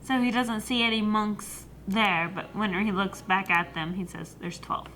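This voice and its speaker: Bright-sounding woman chatting over a show, explains stuff, laughs a lot, slight hiss. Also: medium pitch, steady tone. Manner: quick explanatory, laughs often. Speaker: reaction video co-host. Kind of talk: casual reaction chat.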